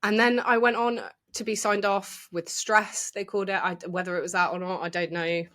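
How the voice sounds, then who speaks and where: A woman's voice: mid-range voice, little pitch movement, normal speed, a bit bright. A middle-aged woman, openly telling her own story in a reflective, candid way. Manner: open, reflective, with restarts and acted quotes. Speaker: guest sharing her experience.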